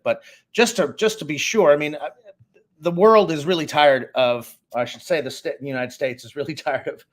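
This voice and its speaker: A middle-aged man from Boston, co-hosting a casual sports podcast and giving opinionated, animated takes. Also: mid-range voice. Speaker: co-host and sports analyst.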